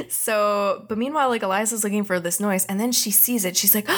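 A young woman co-hosting a podcast, recapping an episode in casual chat, animated and profane, laughing often. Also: medium pitch, measured pace. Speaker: podcast co-host.

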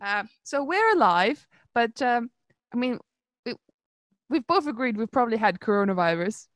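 A woman's voice: fairly high pitch, big pitch swings, moderate pace, no echo. A young woman co-hosting a casual podcast from home in Manchester over a video call, laughing often, with a lingering cough. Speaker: podcast co-host.

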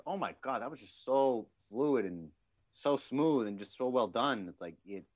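An excitable man chats about a film with a co-host, casual and loose with his language. His voice sits at a middle pitch. The recording is a little dull and lo-fi. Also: moderate pace. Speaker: podcast co-host. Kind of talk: casual movie commentary. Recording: slightly dull, lo-fi sound.

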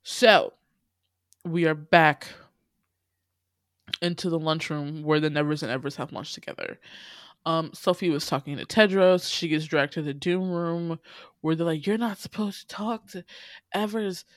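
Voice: medium pitch, measured pace, long pauses, smooth, no echo. Podcast host recapping a movie, swears a lot, laughs at the plot, dry close mic. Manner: animated storytelling, swearing, laughing. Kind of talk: casual chat.

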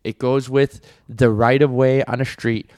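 A man's voice: mid-range voice, little pitch movement, unhurried. A man co-hosting a podcast in casual chat, telling stories in a laid-back way. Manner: laid-back storyteller, agrees often, acts out loud quotes. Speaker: podcast co-host.

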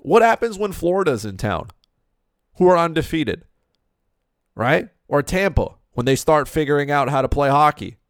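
A man's voice: a little high, expressive, moderate pace, no echo, clean studio sound. A man giving an opinionated hockey talk monologue, emphatic and repetitive, firing off rhetorical questions. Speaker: hockey commentator.

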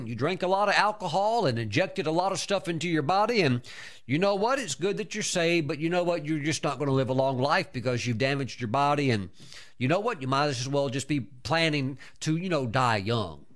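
A taunting, insinuating devil, as a preacher puts him on mid-sermon, whispering doubts in a persuasive, needling way. The voice stays close to the preacher's own, with lively rises and falls in pitch. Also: male voice.

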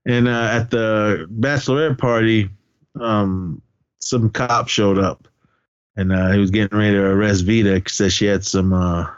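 A man's voice: fairly low pitch, normal speed, clear, resonant tone, muffled recording. A man co-hosting a podcast, recapping movie scenes in casual chat, laughing often and acting out lines of dialogue. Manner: animated, acts out lines of dialogue. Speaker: podcast co-host.

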